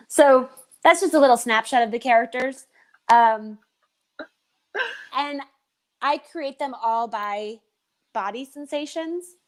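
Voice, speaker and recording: A woman performer talking as a guest in an animated, expressive way. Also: fairly high pitch, slow pace, pauses often. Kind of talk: casual chat.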